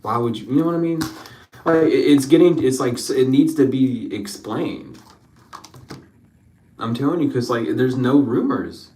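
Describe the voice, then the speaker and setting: A man's voice: mid-range voice, moderate pace, long pauses, mellow, slight background noise. Guy doing a spiritual reading, all worked up, keeps asking the same questions over and over, cusses a lot, sounds a bit far off from the mic in an echoey room. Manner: impassioned, rambling, repeating questions, swearing. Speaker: spiritual card reader. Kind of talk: emotional spiritual reading monologue.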